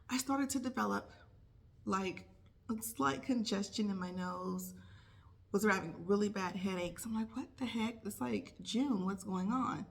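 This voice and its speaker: A woman who is a nurse, telling a casual vlog story and acting out her own thoughts in quotes. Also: mid-range voice. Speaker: nurse vlogger.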